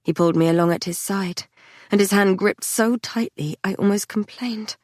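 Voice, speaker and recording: A woman narrating a first-person novel in a measured, quiet storytelling manner. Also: medium pitch, no echo, studio quality. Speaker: audiobook narrator.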